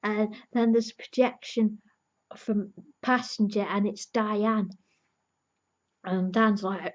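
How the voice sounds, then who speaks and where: Brief: female TV reviewer, earnest invested fan, slow unhurried delivery, slightly dull lo-fi audio. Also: mid-range voice, steady tone. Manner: earnest, emotionally invested fan recapping the plot. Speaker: TV episode reviewer. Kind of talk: casual review vlog.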